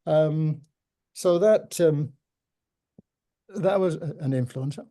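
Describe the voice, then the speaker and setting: An older man with a Yorkshire accent, telling stories in a measured, reflective way with gentle humour during an interview. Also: a little high. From Yorkshire, England. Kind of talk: reminiscing conversation.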